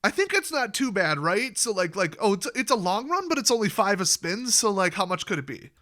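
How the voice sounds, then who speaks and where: A man giving casual casino advice, rambling and chatty in deliberately clear, well-spoken diction, acting out quoted dialogue with sudden high jumps in his voice. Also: very animated, sharp tone.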